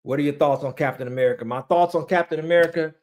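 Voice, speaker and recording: A man rants loosely to his viewers, rambling and circling back on his own points. His voice sits a little high and cracks upward when he gets excited. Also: fast. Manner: excitable, rambling, repeats himself, calls listeners "man". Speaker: online ranter reviewing movies and shows. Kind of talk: casual ranting monologue.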